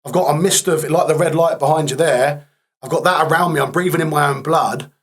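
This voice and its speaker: A man as a podcast guest, telling his story candidly in a blunt, matter-of-fact way with dark humour. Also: fairly high pitch, brisk, slightly rough.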